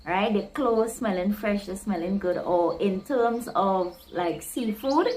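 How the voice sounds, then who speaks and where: A woman with a Trinidadian accent talks through local slang in a relaxed vlog, taking her time over every phrase. She circles each meaning with a string of synonyms, at a middling pitch for a woman, with a faint hum of noise underneath. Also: unhurried, rough recording. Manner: explains by restating words with several synonyms. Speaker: vlogger explaining local slang. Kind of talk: casual explainer vlog.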